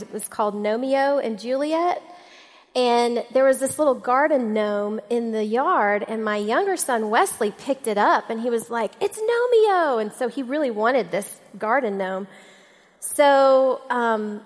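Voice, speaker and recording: Woman, mother on a church panel, self-mocking storyteller, slightly high voice, echoey hall. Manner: animated, self-mocking anecdote teller. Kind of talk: storytelling on a stage.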